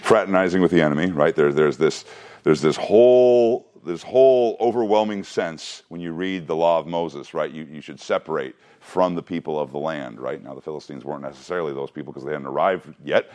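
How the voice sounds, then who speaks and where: A man's voice: rumbling low, a little fast, darkish tone. A man teaching a Bible class, mixing reading with joking asides and questions to the students.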